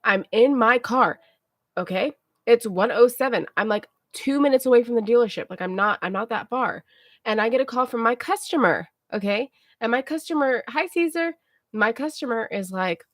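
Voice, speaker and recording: A woman livestreamer telling a story to her viewers in a casual, animated way, often checking in with them. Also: medium pitch, normal speed, dry recording, clean studio sound. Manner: chatty, animated retelling, keeps checking in with "okay?".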